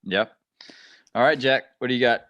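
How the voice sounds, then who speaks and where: A man hosting a casual podcast chat, moving the talk along briskly and asking each guest in turn. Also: mid-range voice, a bit bright, dry recording, highs cut off. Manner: brisk, moderating the discussion. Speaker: podcast host.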